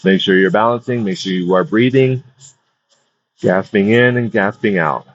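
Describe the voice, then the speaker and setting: A man's voice: fairly low pitch, normal speed, no room sound. A man leading a stretching session, coaching in a loose, casual way and repeating his cues about breathing and balance. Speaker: wellness instructor. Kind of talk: guided stretching class. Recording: dull lo-fi dry sound.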